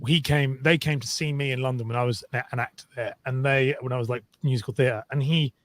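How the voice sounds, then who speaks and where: A man from Liverpool co-hosting a podcast, chatty and teasing, quick to laugh in casual conversation. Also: mid-range voice, fairly even intonation. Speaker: co-host. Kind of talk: casual chat.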